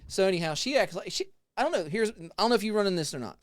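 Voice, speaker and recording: Man, 40s, haunt performer, animated anecdote teller, dry close mic. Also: high-pitched, very fast, no room sound. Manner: animated, laughing, acts out voices. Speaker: haunted house actor. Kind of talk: casual storytelling.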